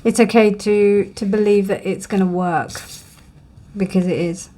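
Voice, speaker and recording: A woman gives a tarot card reading to camera in a steady, unhurried, mid-range voice, musing and reassuring as she thinks aloud. She uses many fillers and yawns often during the reading. The background is noisy.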